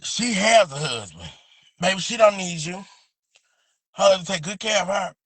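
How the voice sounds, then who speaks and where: A man's voice: high voice, expressive, moderate pace, fairly bright tone. A man hosting a casual livestream from outdoors by a house, talking loosely to viewers, calling them baby and boo, and drawing out a sing-song catchphrase. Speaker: livestream host.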